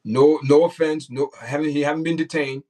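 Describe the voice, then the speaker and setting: A man's voice: on the high side, fairly even intonation, a little fast, warm tone, far from the mic, rough recording. Man hosting a livestream, off-mic. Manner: repetitive, talks straight to the chat. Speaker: livestream host. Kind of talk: casual livestream commentary.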